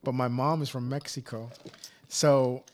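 A man from Texas in casual podcast chat, relaxed, stammering on repeats and swearing offhandedly. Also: mid-range voice, unhurried.

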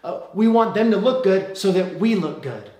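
Conversational preacher, echoey room. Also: male voice, high voice, lively intonation, moderate pace, a little mellow. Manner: conversational, with rhetorical "right?". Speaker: pastor. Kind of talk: sermon.

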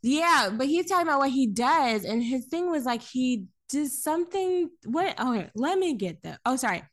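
Animated, laughing woman recapping a film. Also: high voice, moderate pace. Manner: animated, laughs often, swears casually. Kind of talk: casual chat recapping a film.

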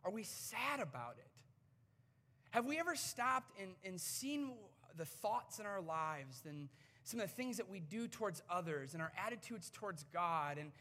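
A man in his thirties preaching to a congregation from a stage microphone, talking in a conversational, animated way with touches of humor. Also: high-pitched, normal speed. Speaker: pastor. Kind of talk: sermon. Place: church sanctuary before a congregation. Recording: reverberant church hall.

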